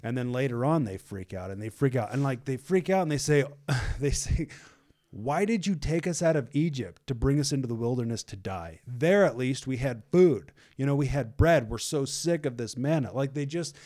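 A man in casual faith chat, retelling a Bible story in a loose, animated way, full of fillers and acted-out voices of a panicked crowd. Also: mid-range voice, moderate pace. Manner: loose and animated, many fillers like "like" and "you know".

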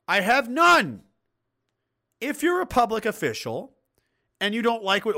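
Guy ranting on a stream, swears a ton, mocking and blunt, kinda high bright voice. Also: animated, measured pace, long pauses. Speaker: livestream host reading chat. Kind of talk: profane ranting commentary.

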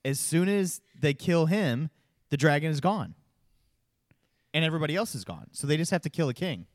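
A man's voice: a little high, lively intonation, moderate pace, dry recording, clean studio sound. A man co-hosting a beer podcast, arguing his point in casual chat, often stumbling and repeating words. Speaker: podcast co-host.

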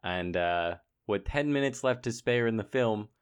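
A man's voice: lowish voice, expressive, normal speed, clear, resonant tone. A man co-hosting a podcast, laid-back and joking as he recaps a movie plot. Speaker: podcast co-host. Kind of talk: casual movie review chat.

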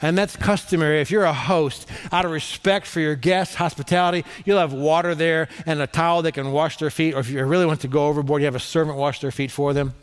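A middle-aged male pastor preaching a sermon in a conversational, animated storytelling manner. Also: a little high, quick pace, few pauses, clear, resonant tone.

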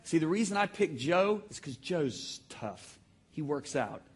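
A man preaching a sermon to a congregation, telling stories with sudden shouts and emphatic, drawn-out phrases. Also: fairly high pitch, very animated, breathy edge. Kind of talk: sermon with audience call-and-response. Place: church hall with live congregation.

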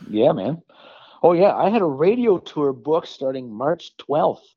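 A man, a musician guest, talking casually in an interview, rambling with halting restarts and self-deprecating asides. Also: fairly high pitch, big pitch swings, no room sound, highs cut off.

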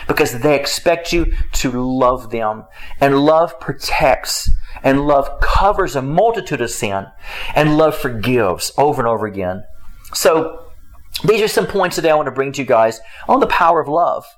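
A man giving a faith-based talk on marriage, emphatic and repetitive, with his pitch swinging up and down. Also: sing-song, normal speed, poor audio. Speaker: marriage teacher.

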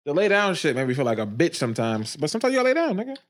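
A podcast co-host with a slightly high voice races through casual, crude chat. He's animated, laughs often, and gives his opinions bluntly.

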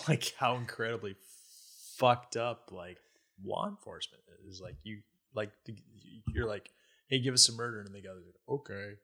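A man hosting a podcast, reacting to a guest's stories in a slow, gravelly way. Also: lowish voice, a bit bright.

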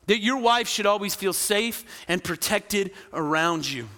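Pastor guy preaching, high tense voice, lots of "right?", big echoey church. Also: measured pace. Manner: animated, acts out quoted voices, asks the crowd "right?". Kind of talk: sermon.

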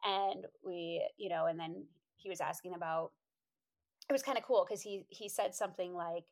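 A woman telling a motivational story in a casual, animated way, quoting herself in high voices and laughing often. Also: moderate pace. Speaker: inspirational speaker.

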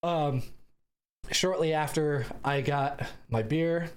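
A man's voice: fairly high pitch, moderate pace. Man rambling through a travel story. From United States. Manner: rambling, laughing, frequent filler restarts. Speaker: podcast host. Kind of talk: casual storytelling.

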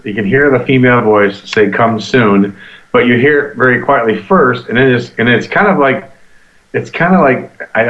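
A man hosting a paranormal radio show live from a hotel, chatting casually and telling stories with quick laughs. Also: medium pitch, lo-fi sound. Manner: animated storytelling, quick laughs.

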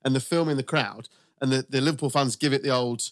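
A man's voice: medium pitch, fairly even intonation, fast talker, dry recording, studio quality. A man hosting a casual football podcast chat, bantering and laughing often. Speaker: podcast host.

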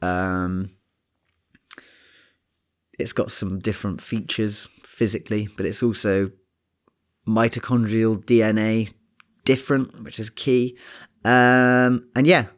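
A man co-hosting a casual science podcast, thinking aloud in a relaxed way with frequent restarts. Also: lowish voice, slow pace, long pauses. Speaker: podcast co-host.

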